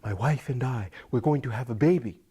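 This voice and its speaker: A man voicing an excitable, simple-minded farmer in a told folk tale, his voice jumping high and strained. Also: fairly quick, slightly rough. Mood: eager.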